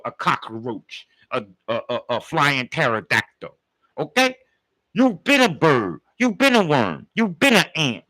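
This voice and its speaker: A man gives a casual spiritual talk, full of slang and spoken right at his listeners. His voice sits high and bright, and his pitch swings widely from phrase to phrase. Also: poor audio. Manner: street slang, conversational, addresses listeners directly. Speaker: spiritual teacher.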